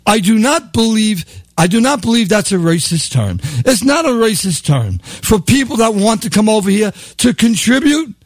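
A man's voice: high voice, very animated, normal speed, few pauses, no room sound, clean studio sound. An older American man hosting a call-in talk radio show, delivering a sarcastic monologue full of chuckles and wry asides. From United States.

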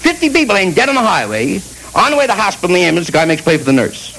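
A male comedian rambles through an irreverent stand-up routine, often restarting and going off on asides. His voice is gravelly and sits a little high for a man. His pitch swings widely as he talks. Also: wildly swooping pitch, racing, heavy background noise.

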